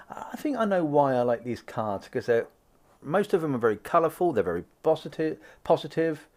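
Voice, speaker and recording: Lively chatty man reading cards. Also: a little high, normal speed. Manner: chatty and upbeat, acts out little dialogues. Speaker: psychic card reader. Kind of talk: live-stream tarot reading, reading viewer comments.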